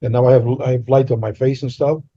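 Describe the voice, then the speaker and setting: A man's voice: mid-range voice, steady tone, quick pace, mellow, no room sound. Joking middle-aged man on a lo-fi line. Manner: joking, rambling with restarts. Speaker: podcast co-host. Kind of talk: casual chat between old friends.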